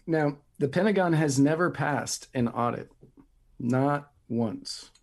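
A man's voice: fairly high pitch, takes it slowly. A man co-hosting a casual comedic podcast, adding dry, wry quips. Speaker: podcast co-host.

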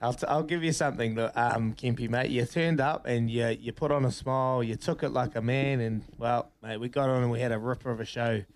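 A man's voice: mid-range voice, steady tone, a little fast, few pauses, a little hiss or hum. A man co-hosting radio, teasing his colleagues. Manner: teasing, laughs at others. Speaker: radio co-host. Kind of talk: casual radio banter.

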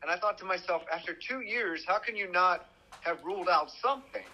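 Bright-voiced male news reporter. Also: sits high, brisk, highs cut off. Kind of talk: conversational true-crime podcast.

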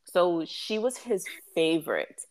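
A woman's voice: fairly low pitch, sing-song, a little slow. A woman in her thirties, co-hosting a podcast in casual chat, talking in a chatty way with many fillers and laughs. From West Indies. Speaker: podcast co-host.

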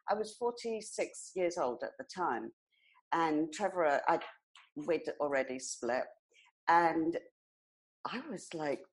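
A woman in her sixties speaks with a British accent that carries a slight American twang. Her voice sits on the lower side. She tells her stories expressively, often breaking into laughter. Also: rough recording. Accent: British, with some American twang. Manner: animated and expressive, laughs while telling stories. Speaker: guest, hairdressing educator. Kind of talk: conversational storytelling.

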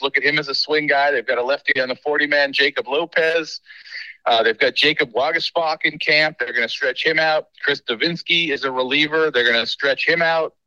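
A male baseball reporter talks through team details in a bright, sharp voice with frequent fillers. His audio comes through dry and slightly dull, like a remote line. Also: fairly high pitch, no room sound. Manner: knowledgeable, rambling with fillers. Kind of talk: casual interview talk.

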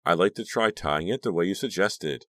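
A man's voice: deep voice, moderate pace, fairly bright tone, dry recording, clean studio sound, pitched above the performer's own voice. A man voicing a clingy, pouty teenage girl with a creepy streak in an audiobook reading. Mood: chatty.

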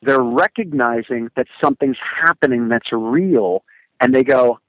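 A man speaking as a podcast guest and motivational speaker, telling stories with animated, emphatic repetitions. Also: mid-range voice, measured pace, no echo, muffled recording. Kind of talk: casual conversation.

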